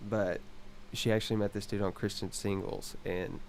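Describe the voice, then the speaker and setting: Podcast host: lowish male voice, hesitant casual storyteller. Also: level tone, a little mellow, a little hiss or hum. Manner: halting storyteller, many fillers. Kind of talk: casual chat.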